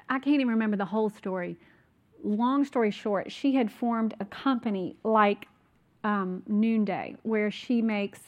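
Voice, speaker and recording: A woman's voice: on the high side, darkish tone, highs cut off. A woman telling personal stories in a casual, rambling way, full of fillers and asides. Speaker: speaker recounting a conference.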